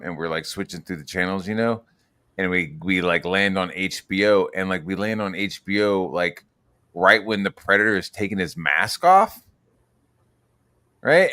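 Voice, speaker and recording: A man with a low-pitched voice rambles through crude stories in a casual podcast chat. He swears constantly and jumps into loud, excited outbursts as he tells them. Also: smooth. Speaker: podcast co-host.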